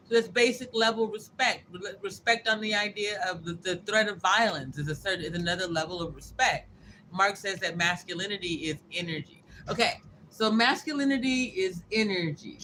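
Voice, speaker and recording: A woman's voice: mid-range voice, bright, forceful tone, a little hiss or hum, poor audio. A woman hosting a casual livestream, reading viewer comments aloud and answering them bluntly, with profanity and joking asides. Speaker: livestream host.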